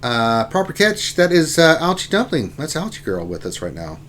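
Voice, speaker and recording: A man hosting a casual gaming livestream, talking through his game, with loud exclamations and laughter. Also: on the high side, huge pitch swings, moderate pace, slight background noise. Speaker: livestream host.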